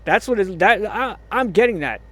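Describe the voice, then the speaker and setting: High-voiced man in a profane angry rant. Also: expressive, normal speed, a bit bright, dry recording. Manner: profane, ranting, frequent exasperated groans and laughs. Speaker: movie reviewer. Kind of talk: angry movie review rant.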